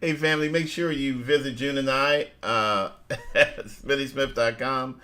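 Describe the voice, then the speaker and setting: A middle-aged man co-hosting a casual live-stream chat, folksy and quick to laugh, often addressing his listeners as family. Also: mid-range voice, steady tone, sharp tone. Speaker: co-host.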